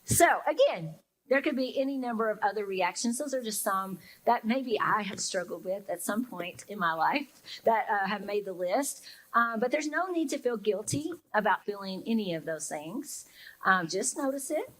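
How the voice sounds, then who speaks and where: On a low-quality recording, a young female pastor with a medium-pitched voice and lively intonation preaches at normal speed. Her sermon is casual and reflective, packed with fillers, and she chats with her audience while voicing what they might be thinking.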